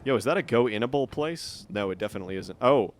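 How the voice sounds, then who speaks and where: Man, streamer, live gameplay commentary, mid-pitched voice, muttering, swearing, faint background noise. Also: animated, fast talker. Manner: chatty, muttering to himself, frequent swearing.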